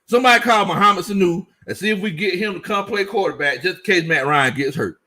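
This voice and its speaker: A man's voice: sits high, brisk, bright, forceful tone. A man hosting a casual sports commentary livestream, reading out chat comments and joking, repeating lines for emphasis. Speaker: sports show host.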